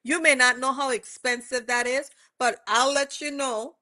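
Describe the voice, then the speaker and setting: A woman with a Caribbean accent talks in a high, bright voice. She chats on a podcast and acts out the back-and-forth of a story with lots of energy. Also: normal speed. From Virgin Islands. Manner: animated, acts out quoted dialogue. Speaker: podcast co-host. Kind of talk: casual gossip chat.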